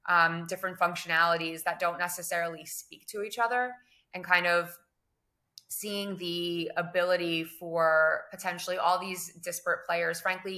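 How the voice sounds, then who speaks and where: A young woman talks through her career in a relaxed interview, weighing her words and hedging often. Her voice sits low and rather flat in pitch, but the tone is bright and forward. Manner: measured, many fillers and hedging phrases. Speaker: guest, crypto business development director. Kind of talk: conversational interview answers.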